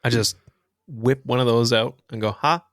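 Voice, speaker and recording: A young man co-hosting a comedy podcast, joking in a deadpan way that sinks to a mumble on punchlines. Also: mid-range voice, moderate pace, no room sound, clean studio sound. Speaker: podcast co-host. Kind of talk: casual comedic banter.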